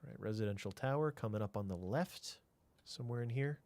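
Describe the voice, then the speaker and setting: A man's voice: mid-range voice, a little fast, darkish tone, dry recording. A man streaming a city-building game, thinking aloud in a casual way, answering chat and trailing off into mutters.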